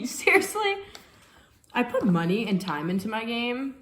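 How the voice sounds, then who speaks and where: A young woman co-hosts a home vlog, chatting casually in a playful, teasing way with frequent laughter. Her voice is on the high side and sing-song, with a slow pace. The sound is reverberant, with slight background noise.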